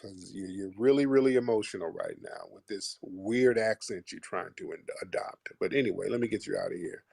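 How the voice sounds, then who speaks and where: A man hosting a live call-in stream, mocking and insulting his callers bluntly with slow, drawn-out put-downs. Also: deep voice, sing-song, gravelly, darkish tone, slightly rough, no room sound, studio quality. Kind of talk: combative call-in show talk.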